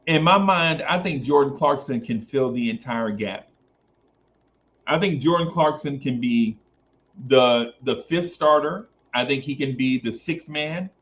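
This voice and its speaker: A man's voice: mid-range voice, a little slow, fairly bright tone. A man hosting a casual sports talk stream, reading chat comments aloud and repeating phrases for emphasis. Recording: dull lo-fi stream audio.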